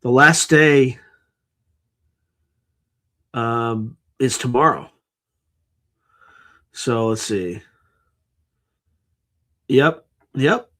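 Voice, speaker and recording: A man's voice: mid-range voice, animated, very slow, long pauses, bright, forceful tone. A man hosting a live stream, tired and yawning, reading through a list in a casual, offhand way with sarcastic asides. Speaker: livestream host.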